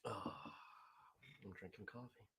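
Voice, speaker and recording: A man hosting a casual morning vlog show, chatting in a relaxed, rambling way as he reads viewer comments. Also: on the low side, takes it slowly, slight background noise.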